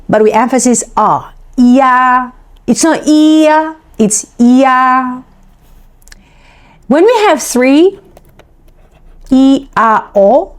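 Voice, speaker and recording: A woman teaching a pronunciation lesson, repeating syllables slowly one by one and explaining patiently with small restarts. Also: on the high side, darkish tone. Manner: slow, deliberate repetition of syllables. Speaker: language teacher.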